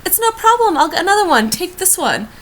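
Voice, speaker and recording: An eager young man who keeps insisting, friendly and generous, as a woman puts him on. The voice leaps up high, far above a man's usual range. It fits a chatty vlog retelling. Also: big pitch swings, fairly quick. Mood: insistent.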